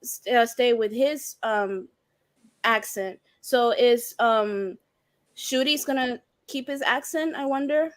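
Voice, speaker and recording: Chatty high-voiced woman. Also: slow, no echo. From not from the UK. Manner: chatty, lots of fillers, questioning. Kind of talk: casual chat.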